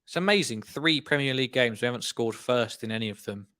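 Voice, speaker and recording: Young male host, frustrated fan commentary, bright and punchy delivery. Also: medium pitch, quick pace. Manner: animated, exasperated fan commentary. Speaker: football watchalong host. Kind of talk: live match reaction commentary.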